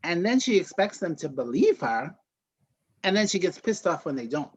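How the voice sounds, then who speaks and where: A man's voice: high-pitched, very animated, moderate pace, breathy edge, dull audio. Male host, loose rambling movie talk, joking. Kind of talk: casual movie chat.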